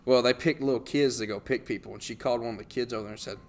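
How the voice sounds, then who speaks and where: Young man telling a lively anecdote. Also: medium pitch, very fast. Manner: animated anecdote telling, laughs often. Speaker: podcast host. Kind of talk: casual storytelling.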